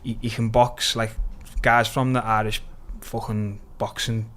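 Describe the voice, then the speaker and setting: A man in his thirties from Liverpool with a Scouse accent, talking as a podcast guest in a blunt, animated way, swearing freely and calling people "lad". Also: fairly low pitch, measured pace. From Liverpool, England. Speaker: guest, mixed martial arts fighter. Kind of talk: casual podcast chat.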